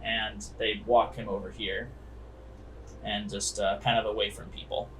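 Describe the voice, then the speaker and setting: Bright-voiced man narrating a tabletop game. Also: fairly low pitch, flat delivery, unhurried, a little hiss or hum, poor audio. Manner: rambling narration full of fillers. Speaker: game master.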